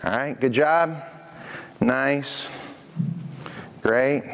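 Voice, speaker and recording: Energetic guy giving a talk to kids in a church hall, echoey, mid pitch. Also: drawn-out words, vocal fry. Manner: energetic, addresses audience directly. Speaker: youth prevention speaker. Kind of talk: lively presentation with storytelling.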